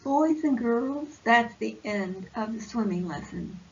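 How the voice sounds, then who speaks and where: Woman reading a children's picture book aloud, very slow and lively, gravelly edge, lo-fi with faint hiss. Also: on the high side. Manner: slow, expressive read-aloud voice. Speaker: volunteer storyteller.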